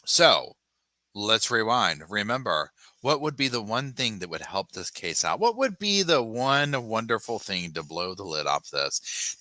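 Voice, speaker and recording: This is a man hosting a casual true-crime livestream. His voice sits low but swings widely in pitch, and it has a bright, forceful edge. The sound is close and dry, and he talks in an animated, sassy way, breaking off to read viewer comments aloud. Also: no echo. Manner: animated, sassy, mimics people in exaggerated voices; reads viewer chat aloud and thanks supporters.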